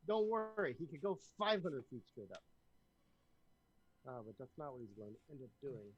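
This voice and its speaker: A man's voice: mid-range voice, normal speed, dull audio, slight background noise. A man running a tabletop game as game master, joking with his players between calls on the action. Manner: lively, joking banter with players.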